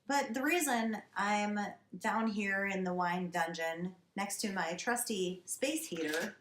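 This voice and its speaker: A woman's voice: medium pitch, slow, fairly bright tone. A woman in her thirties hosting a wine show, talking to camera in a wry, emphatic, exasperated way from a basement wine cellar. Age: 30s. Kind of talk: casual comic monologue to camera. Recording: roomy echo.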